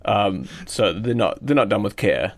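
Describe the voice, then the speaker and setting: A man co-hosting a comedy podcast, retelling a film plot in a deadpan, playful way. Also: on the low side, moderate pace, creaky, dry recording. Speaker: podcast co-host.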